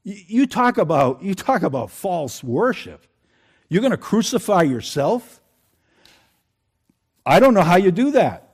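A man's voice: high voice, very animated, measured pace, long pauses, slightly rough. A man preaching a sermon in a conversational way, asking his congregation questions. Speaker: pastor.

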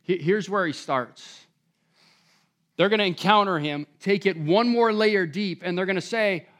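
A man preaching a sermon to a congregation, conversational and animated, joking with his listeners. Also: high voice, a little slow. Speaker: pastor.

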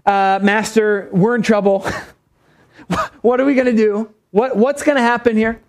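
A man's voice: high-pitched, fairly even intonation, unhurried. A man voicing a frightened young male servant who stammers in panic. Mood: panicked. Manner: stammering and frantic.

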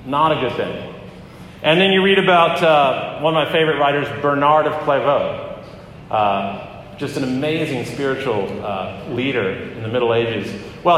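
A pastor giving a conversational sermon, often pausing with fillers and restarting his phrases. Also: medium pitch, a bit bright, a little hiss or hum. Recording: echoey hall with long reverb.

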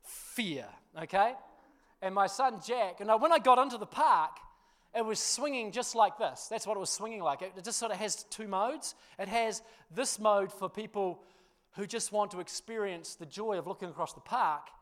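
A man preaching, telling a funny personal story with laughter before turning to a quieter sermon. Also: high-pitched, normal speed. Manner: animated storyteller, laughs through the tale, drops quiet for scripture. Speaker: pastor.

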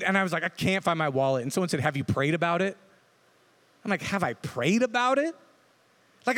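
A pastor with a high, fairly bright voice delivers a casual, joking sermon. He keeps things conversational and often checks in with the crowd by asking "right?"

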